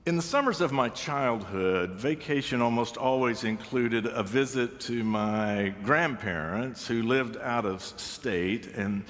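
A man's voice: mid-range voice, slow, few pauses, fairly bright tone. A man preaching a sermon, telling stories with dry humor and acting out the voices he quotes. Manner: wry storytelling, acts out quoted voices. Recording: long reverb of a large hall.

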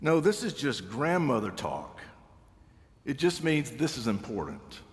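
A man preaches a sermon with wry, dry humor, telling stories and acting out the voices he quotes. His medium-pitched voice is unhurried and swings widely in pitch, with the long reverb of a large hall around it.

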